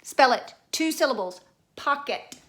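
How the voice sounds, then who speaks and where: A woman leads a spelling lesson for children, her voice sitting a little high as she builds little guessing games around everyday objects. The room around her is echoey. She talks in a patient, playful way. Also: lively intonation, unhurried, a bit bright. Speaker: teacher.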